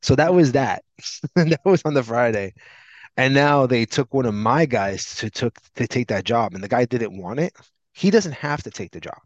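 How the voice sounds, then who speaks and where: At a moderate pace and mid-range pitch, a man co-hosting a podcast relates a long, rambling anecdote in casual chat, bringing its people to life with animated, acted-out quotes. The recording is dull, lo-fi and dry, with no room sound.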